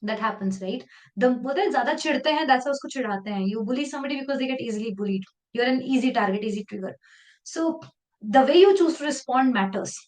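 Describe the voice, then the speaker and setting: Woman, Indian English accent, trainer, conversational, fairly high voice, lively delivery. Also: rapid-fire. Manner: lively, conversational, slips into Hindi phrases. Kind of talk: live online training session.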